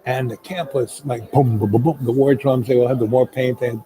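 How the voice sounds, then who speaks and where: A man's voice: medium pitch, a little fast, mellow, rough recording. Rambling, chatty man telling a story. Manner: loose, filler-heavy and chatty. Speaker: live chat host.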